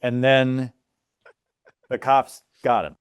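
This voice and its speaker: A man's voice: mid-range voice, fairly even intonation, slow, clear, resonant tone, no echo. A man co-hosting a casual podcast, ranting with mock outrage. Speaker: podcast co-host. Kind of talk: casual chat.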